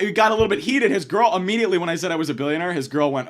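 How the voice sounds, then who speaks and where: A man hosting a podcast, telling a rambling, profane comic story in a casual, animated way. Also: high-pitched. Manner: profane, rambling, fast, lively delivery. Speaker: podcast host.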